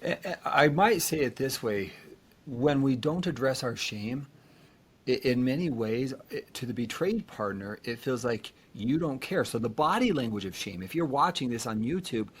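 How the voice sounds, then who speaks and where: A man's voice: medium pitch, expressive, moderate pace, husky. A man who is a therapist hosting a podcast, talking earnestly and explaining with rhetorical questions. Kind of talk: conversational podcast discussion.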